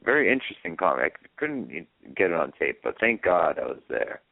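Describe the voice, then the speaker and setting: Rambling low-voiced man on a phone line. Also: very animated, brisk, gravelly, no echo. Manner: rambling anecdotes, many fillers and restarts. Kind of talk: casual chat on a call-in radio show. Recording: dry phone-line audio.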